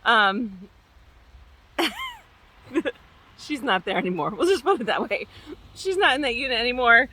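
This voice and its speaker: A woman property manager telling stories casually in a chatty, animated way, with fillers and restarts. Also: a little high, a little fast, a little hiss or hum. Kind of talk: casual storytelling vlog.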